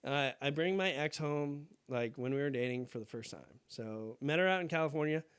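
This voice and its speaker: A man's voice: fairly high pitch, normal speed, smooth. A young man co-hosting a podcast, telling a crude story casually with lots of laughing. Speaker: podcast co-host. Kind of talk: casual chat.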